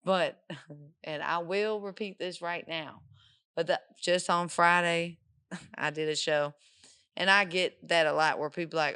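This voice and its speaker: A woman's voice: fairly low pitch, steady tone, measured pace, clean tone, no echo, studio quality. A woman from Kentucky with a Southern accent, chatting loosely and profanely on a podcast. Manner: loud, profane, laughs often. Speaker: comedian guest. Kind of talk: casual podcast chat.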